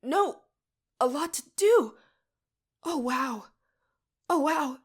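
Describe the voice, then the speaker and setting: A woman voicing an excited young woman acting as a medium, her voice rising high and strained as she hears a spirit. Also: fairly quick, slightly rough, heavily acted.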